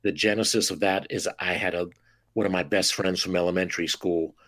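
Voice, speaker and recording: A man who is a dentist, talking as a guest on a podcast interview in an expressive, animated way and acting out talks with patients. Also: deep voice, fairly quick, no room sound.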